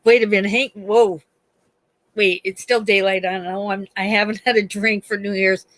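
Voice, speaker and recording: A woman's voice: medium pitch, steady tone, normal speed, a bit bright, dry recording. A woman in her forties chatting casually on a live stream, telling stories as a mother and acting out the voices of the people she quotes. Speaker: livestream host.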